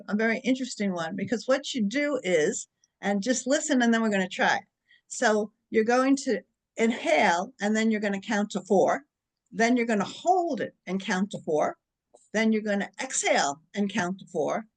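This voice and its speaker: A woman presenting an online training session, friendly and instructive, talking participants through an exercise over a video call. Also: on the high side. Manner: friendly, instructive, counts slowly. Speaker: webinar presenter. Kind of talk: guided breathing instruction in a webinar.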